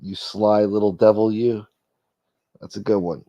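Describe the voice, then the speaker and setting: A gravelly-voiced man talks loosely through a livestream, reading viewer comments and tossing off blunt, profane wisecracks. The sound is dull and lo-fi, and the recording is very dry, with no room echo. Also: on the low side, steady tone, a little slow, long pauses, mellow. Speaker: livestream host.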